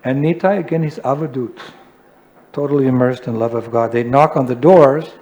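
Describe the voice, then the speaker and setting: A male swami delivers a storytelling sermon in a relaxed, joking tone. He pokes fun at himself and keeps the telling animated and light. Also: medium pitch, moderate pace, lo-fi sound. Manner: self-deprecating, joking, animated. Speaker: swami, preacher.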